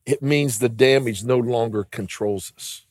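A man's voice: medium pitch, unhurried, darkish tone, dry recording, clean studio sound. A man preaching a sermon as pastor, earnest and building to emphatic declarations.

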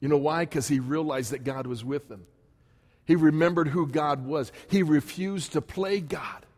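A man preaching a sermon as pastor in a church, emphatic and repetitive in his cadence. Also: fairly high pitch. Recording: long hall reverb.

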